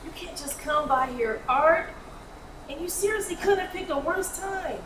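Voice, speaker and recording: An actress playing a stressed woman manager brushing off her ex in a staged comedy reading. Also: extremely high pitch. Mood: exasperated. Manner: exasperated, brisk. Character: Diana, harried woman DMV manager. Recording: roomy hall, audience noise, far mic.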